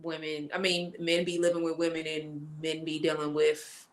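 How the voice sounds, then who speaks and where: A woman co-host in casual chat, telling a story with lively quoted voices. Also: sits low, moderate pace.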